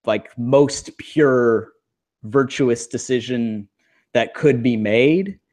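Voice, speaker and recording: A man co-hosting a wrestling podcast in loose, casual chat. He rambles at a middling pitch, stacks up filler words and swears freely as he reviews the week. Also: very slow, darkish tone. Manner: rambling, filler-heavy, profane. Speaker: podcast co-host.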